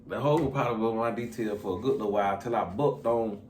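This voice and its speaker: A man's voice: fairly low pitch, fast talker, darkish tone. Laid-back rambling man in echoey room. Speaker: interview guest. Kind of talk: casual storytelling interview. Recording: echoey room with faint ambient noise.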